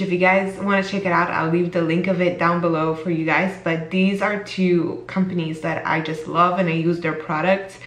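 A woman beauty vlogger talking casually to the camera, gushing and excitable, often repeating herself. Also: mid-range voice, echoey room.

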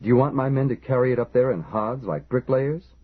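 A man's voice: on the low side, wildly swooping pitch, moderate pace, gravelly, slightly rough, heavily acted. Man doing a sarcastic, dismissive fire general. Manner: curt, dismissive. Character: proud sarcastic male fire brigade general. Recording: lo-fi phone-like audio.

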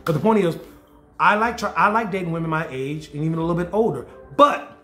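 A man in his forties giving a loud, playfully crude comedic monologue to camera as a DJ and vlogger. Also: on the high side, animated, fast. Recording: echoey room with faint music.

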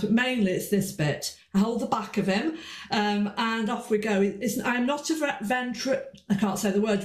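Woman presenter, informal talk, chatty, restarts, sing-song stresses, middle pitch, roomy echo.

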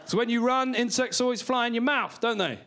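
Brisk and a bit bright, a very high-pitched English man plays the fool on stage in a small comedy club, dropping into goofy character voices. The live recording catches the audience laughing along.

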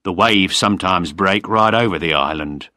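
A man reading a story aloud, voicing a hostile island guard who shouts curt questions. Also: deep voice, normal speed, no echo, clean studio sound. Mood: cold. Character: angry male island guard, hostile and unfeeling.

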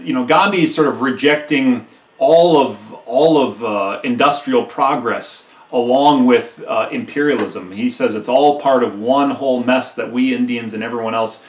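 A man's voice: mid-range voice, roomy sound, far from the mic. A male history teacher giving a conversational recorded lecture, who often checks in with "right?" and acts out quotes emphatically.

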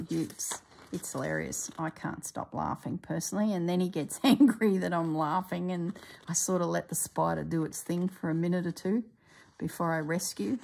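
A rather low-voiced woman leafs through a craft book and talks it over in a relaxed, chatty way. She exclaims and muses aloud, often leaving sentences half-finished. A faint hiss of noise sits under her voice. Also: vocal fry. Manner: exclaims and muses aloud while browsing, trails off mid-sentence. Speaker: craft vlogger reviewing a book. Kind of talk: casual chatty book review.

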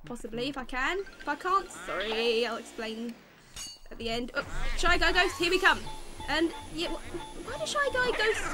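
Brief: very high-voiced British woman, rapid excitable let's-play chatter, game music underneath. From Britain. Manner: fast-talking, excitable, melodramatic outbursts. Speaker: gaming YouTuber. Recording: game music playing behind.

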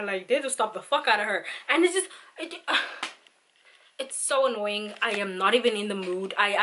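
A woman's voice: medium pitch, unhurried, sharp tone, slight background noise. A young South African woman vlogging, ranting in an exasperated way with lots of fillers. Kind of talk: venting vlog monologue.

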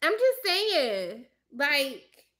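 A young woman with a high, bright voice talks straight to her viewers in a casual, blunt rant. She is sassy and emphatic, with a fired-up edge to her delivery. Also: extremely slow. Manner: blunt, animated, sassy ranting. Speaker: movie commentator.

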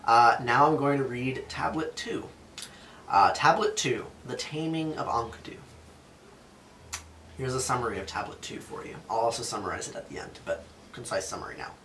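A man's voice: medium pitch, animated, moderate pace, fairly bright tone, reverberant, slight background noise. A man reading an ancient epic aloud and explaining it in a casual, chatty way with jokey asides.

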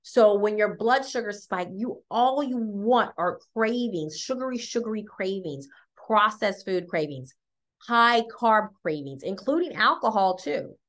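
A woman's voice: medium pitch, animated, measured pace, fairly bright tone. A woman, giving an upbeat, chatty sales talk and often checking in with her listeners. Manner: chatty, upbeat, says "y'all" and "okay?" often. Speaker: wellness product presenter.

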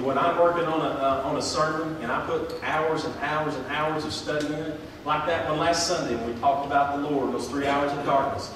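A man, a pastor, preaching a sermon in a church, moving from quiet reflection to loud, impassioned preaching. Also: mid-range voice, noisy background. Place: church sanctuary. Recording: echoey church hall from far off.

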